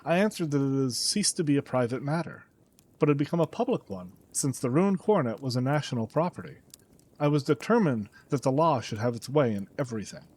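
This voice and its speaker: A man narrating a classic detective story as an audiobook, dramatic and expressive. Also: mid-range voice, brisk, breathy edge.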